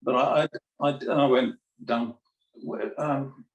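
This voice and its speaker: A man's voice: medium pitch, fairly even intonation, takes it slowly, highs cut off. An older man speaking mildly and hesitantly as an interview guest over a video call, often repeating words. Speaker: comics artist guest. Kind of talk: casual interview chat. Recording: roomy, distant video call audio.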